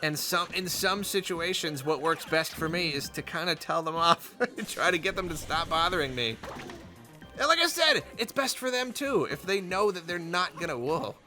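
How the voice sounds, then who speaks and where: Bright-voiced man chatting while gaming. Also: on the high side, expressive, moderate pace, faint music behind. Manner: rambling, chatty storytelling. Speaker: gaming video host. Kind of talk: casual commentary while playing a game.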